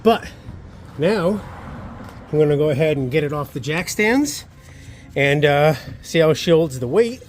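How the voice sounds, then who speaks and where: A man's voice: a little high, lively intonation, a little slow, long pauses, a little hiss or hum. A man talking casually on a DIY vlog about his own project, upbeat and chatty in a garage workshop. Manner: upbeat and chatty, self-assured. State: a little out of breath. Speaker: channel host.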